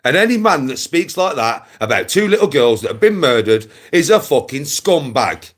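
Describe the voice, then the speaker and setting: Sweary, animated man. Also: fairly high pitch, moderate pace. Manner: aggressive, sweary, repetitive. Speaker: livestreamer. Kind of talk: angry rant to camera.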